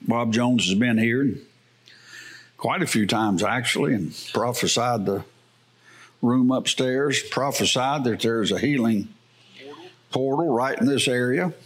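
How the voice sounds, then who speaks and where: A pastor with a medium-pitched, slightly bright voice preaches a sermon in church, speaking a little slowly and pausing often. He tells folksy stories in a farmer's plain talk, chuckling frequently.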